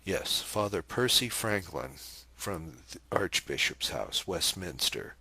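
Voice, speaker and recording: A guarded young priest who keeps his answers steady and restrained under questioning, read by a man. His deep, slow voice is bright and a bit husky, recorded close and dry. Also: no room sound, full character voice.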